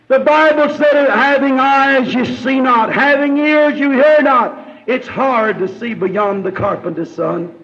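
Male revival preacher, very high pitch, slow chanting cadence, muffled old tape. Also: fairly bright tone. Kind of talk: revival sermon.

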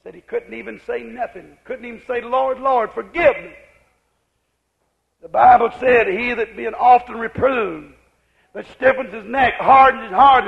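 A man preaching a fiery revival sermon, shouting in a chanting cadence, on a muffled lo-fi recording. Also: extremely high pitch, gravelly.

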